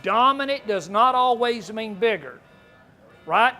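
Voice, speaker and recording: Man, high voice, folksy seminar speaker who quizzes the audience. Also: animated, measured pace, pushed and bright, faint music behind. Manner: folksy, asks the audience questions, jokes. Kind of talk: folksy live seminar talk.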